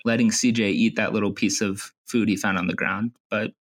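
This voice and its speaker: Male podcaster, lowish voice, rambling deadpan comic storyteller. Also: fairly quick. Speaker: podcast co-host. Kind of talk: casual comedic chat.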